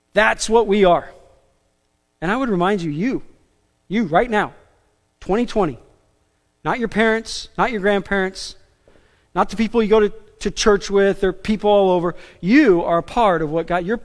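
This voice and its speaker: Male pastor, high voice, animated emphatic sermon, church hall reverb. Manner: animated, emphatic, with asides and self-deprecating jokes. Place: church sanctuary.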